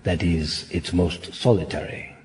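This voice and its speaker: Guy doing a bored ironic nobleman in hell, real low mellow voice, stagey and languid. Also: fairly even intonation, measured pace. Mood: sardonic. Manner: languid, sardonic, elegant stage delivery. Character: weary, ironic damned nobleman, male adult. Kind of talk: classic stage play acting.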